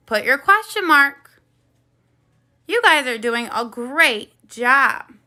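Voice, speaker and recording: A woman teaching first graders on video, with a high, very bright voice. She speaks slowly and clearly and keeps encouraging the children as she goes. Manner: slow, clear, encouraging classroom delivery. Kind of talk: video phonics lesson for children.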